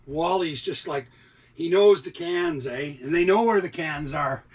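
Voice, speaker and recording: There's a little hiss or hum as this RV vlogger in his sixties talks unhurriedly in a fairly high voice. He rambles casually while cooking in his RV kitchen, chatting to his cats at times.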